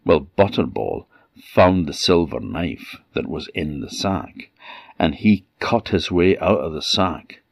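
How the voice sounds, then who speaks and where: A man from Orkney with an Orcadian Scottish accent, telling a folktale in a lively, animated way. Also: rumbling low, slow pace, vocal fry, slightly rough, dry recording. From Orkney, Scotland. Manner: lively, animated, voices every character. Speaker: storyteller. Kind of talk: folktale storytelling. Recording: dull lo-fi dry recording.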